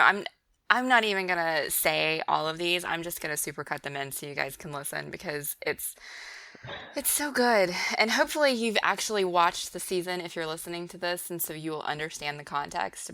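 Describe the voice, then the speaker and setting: Giggly woman podcast host, bright and dry. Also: lowish voice, dry recording. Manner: giggly, animated, quotes lines in silly voices. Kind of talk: casual chat.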